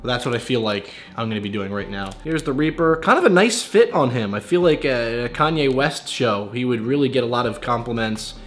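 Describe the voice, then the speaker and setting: A man's voice: medium pitch, lively intonation, brisk, few pauses, a little hiss or hum. A young man hosting a casual vlog, talking to camera in a joking, rambling, offhand way. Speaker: YouTuber host.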